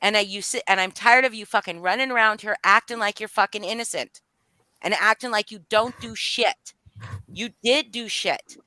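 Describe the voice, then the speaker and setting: Speaking out on a live stream, a woman guest is angry and swears often, her voice rising and falling in an emotional confrontation. Her mid-range voice is bright and forceful at a normal speed, with no room sound.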